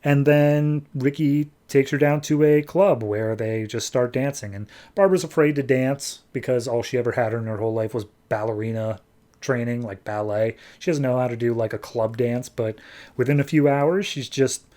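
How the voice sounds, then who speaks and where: A man's voice: medium pitch, fairly even intonation, moderate pace, mellow. A man hosting a podcast, chattily recapping a comic book story with lots of filler words. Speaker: podcast host.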